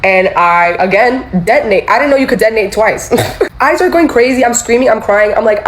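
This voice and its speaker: Young woman, animated storyteller, acts out quotes, swears freely. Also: fairly high pitch, moderate pace, slight background noise, poor audio. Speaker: former employee telling her story. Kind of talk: casual storytelling.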